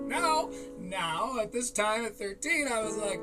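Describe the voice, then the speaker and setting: A man's voice: high voice, lively intonation, moderate pace, few pauses, over music. A man hosting a podcast, telling a story in a casual, profane way and often laughing between lines. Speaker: podcast host.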